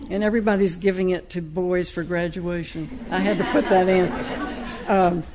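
A woman speaks in a slightly low voice. She talks as a novelist, eagerly retelling her own story's plot in relaxed, conversational interview talk. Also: moderate pace, crowd noise. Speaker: novelist discussing her book. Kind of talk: conversational book discussion.

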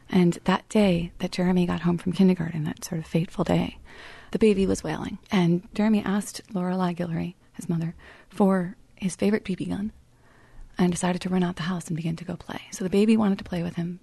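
A woman author being interviewed, telling a legal story in a thoughtful, measured way, sometimes dropping her voice very low. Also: gravelly, slightly rough, no room sound. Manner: thoughtful, storytelling, drops to soft near-whisper at grim points. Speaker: author and writing teacher. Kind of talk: interview guest explaining.

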